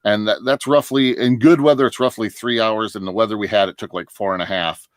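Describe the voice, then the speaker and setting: A middle-aged man from northern Michigan talks in a low, relaxed voice, wandering through long stories. He restarts his sentences often and laughs along as he goes. The sound is dry and close, with no room behind it. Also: a little fast, dry recording. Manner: rambling storyteller, laughs often, many restarts. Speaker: livestream guest. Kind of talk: casual chat.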